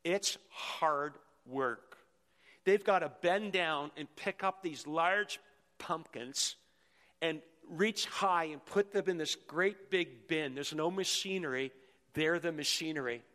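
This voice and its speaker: A middle-aged man preaching a sermon as pastor, energetic and leading the congregation in call-and-response. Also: fairly high pitch, measured pace. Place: church sanctuary. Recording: long hall reverb in a church.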